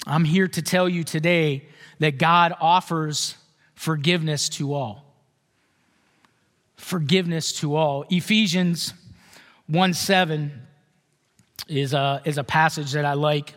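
A male pastor preaching in a high, light voice with a relaxed, conversational delivery, often turning questions back to his listeners. His words ring out with the long echo of a church hall. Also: slow pace, pauses often. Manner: conversational, asks the congregation questions. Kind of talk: sermon.

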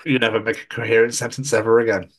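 A man's voice: mid-range voice, level tone, quick pace. A man co-hosting a podcast, running through the outro plugs with casual swearing. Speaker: podcast co-host.

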